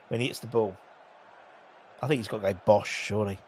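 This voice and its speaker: A man's voice: mid-range voice, fast talker. A jokey, chatty man in a mid-range voice, talking through a football match live as it happens. He calls the passes loosely, trades banter with viewers and reads out their messages between the action. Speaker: host of a live match watchalong. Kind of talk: casual live commentary and chat reading.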